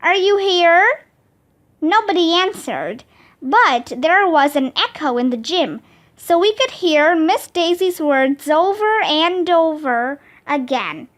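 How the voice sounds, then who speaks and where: Casting: woman storybook reader, high lively voice, slow and clear. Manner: expressive, animated reading. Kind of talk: children's storybook read-aloud.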